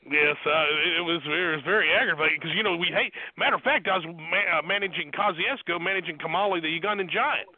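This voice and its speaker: Animated Southern man on a phone line. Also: high-pitched, fast talker, hardly any pauses, no echo. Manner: animated, boastful, restarts often. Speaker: wrestling manager guest. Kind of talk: storytelling on a podcast.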